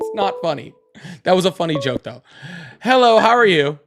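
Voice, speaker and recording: A man's voice: high voice, very animated, over loud music. Chatty, laughing male livestream host. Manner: chatty, laughs often, quick to banter. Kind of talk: casual political call-in livestream.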